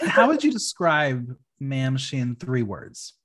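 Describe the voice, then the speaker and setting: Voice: mid-range voice, very animated, slow pace, fairly bright tone. A podcast host asking questions and reacting with short affirmations in a casual interview.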